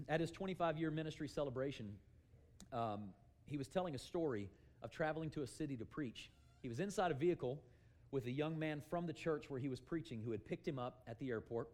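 Animated preacher man shouting for emphasis. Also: mid-range voice. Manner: calls for amen often. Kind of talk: sermon.

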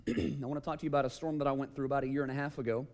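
A man's voice: medium pitch, steady tone, racing, vocal fry, darkish tone. A young man, a youth pastor telling a story in a casual sermon and often asking "right?". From Georgia, US. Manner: conversational, keeps asking "right?".

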